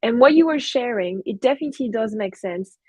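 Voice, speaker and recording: Young female podcast host, slightly husky, dry close recording, reflective. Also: on the high side, lively intonation, a little fast, no room sound. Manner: warm, reflective, thinks aloud with fillers. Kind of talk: casual conversation.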